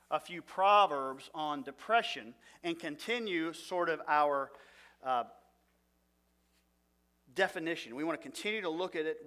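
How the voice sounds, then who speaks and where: Earnest man teaching with a bright voice. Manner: earnest, asks the audience questions, drops to a low soft voice for feelings. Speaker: Bible teacher. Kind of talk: Bible teaching talk.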